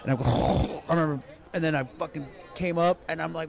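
A man's voice: fairly high pitch, a little fast, creaky, some chatter behind. A man telling rambling, profane stories in a casual chat, with Spanish slang mixed in. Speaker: podcast co-host telling a story. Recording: muffled lo-fi sound.

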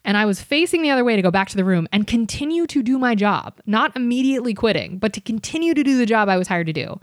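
A young woman on a podcast, telling a story in a casual, animated way, swearing and acting out the voices of other people. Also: fairly high pitch, fast talker, dry recording, clean studio sound. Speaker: comedian and podcast guest.

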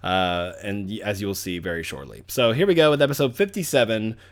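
A man's voice: on the low side, fairly quick. A man hosting a podcast, talking in a rambling, joking way full of fillers. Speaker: podcast host. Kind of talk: casual podcast chat.

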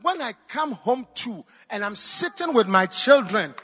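Husky high-voiced pastor preaching. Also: male voice, a little slow. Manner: animated preaching, swings between loud exclamations and quiet asides. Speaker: pastor and doctor. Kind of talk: sermon with personal stories. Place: church hall. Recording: long reverb in a large hall.

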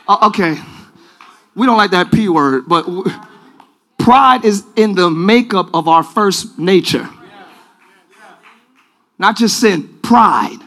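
A man preaching a sermon, shouting call-and-response to his congregation in a church. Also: high-pitched, animated, slow, long pauses. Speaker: pastor. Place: large church. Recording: live church recording with music and congregation.

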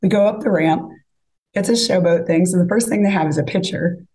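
A woman's voice: on the low side, a little fast, rough recording. A woman casually telling a dating story as a podcast guest, acting out the lines of others. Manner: animated, acts out quoted lines.

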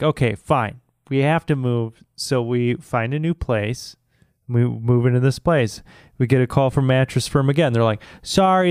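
A man with a smooth, resonant voice tells a story of annoyance in an unvarnished, profane rant. He sounds close to the mic in a dry room with no echo. His pitch sits right in the middle for a man. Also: a little mellow. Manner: profane, exasperated, mimics others in high put-on voices. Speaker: podcast co-host.

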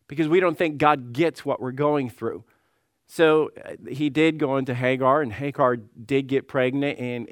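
A man's voice: fairly high pitch, no room sound, clean studio sound. A man preaching a sermon as lead pastor, reading scripture aloud and often repeating words as he presses his point. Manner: repeats words when emphatic, voices God and Sarah in quotes; reads scripture in old-style wording.

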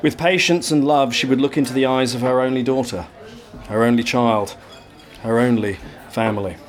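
Measured man reading a fairy tale. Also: medium pitch. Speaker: reader.

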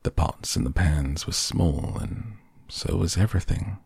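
A man reading a children's storybook aloud as the narrator, gently and with soft hushed asides. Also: deep voice, unhurried, gravelly, breathy edge, no room sound, studio quality.

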